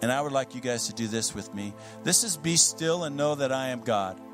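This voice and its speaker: A man's voice: mid-range voice, lively intonation, fairly quick, over music. A man preaching a sermon in a casual, conversational way with light humor. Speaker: guest preacher.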